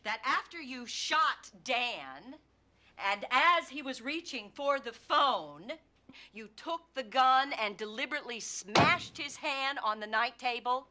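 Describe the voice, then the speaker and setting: Sharp prosecutor grilling a witness, bright voice, bit of hiss. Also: female voice, high voice, lively intonation, takes it slowly, heavily acted. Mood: pressing. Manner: probing, pointed cross-examination. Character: sharp, relentless female prosecutor. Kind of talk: TV movie courtroom drama.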